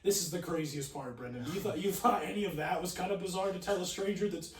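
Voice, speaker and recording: A young man co-hosting a podcast, telling stories in a casual, animated way, laughing often and swearing freely. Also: sits high, fast talker, roomy sound, far from the mic. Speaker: podcast co-host. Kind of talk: casual storytelling chat.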